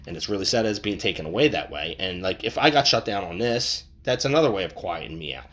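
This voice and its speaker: A man with a somewhat low voice talks through a rambling, profane podcast monologue. He swings between loud outbursts and half-mumbled asides. He speaks into a boom-hung mic in a bare room with a touch of echo. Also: expressive, quick pace. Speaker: podcast host. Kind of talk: casual monologue. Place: untreated home room. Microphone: boom-hung microphone.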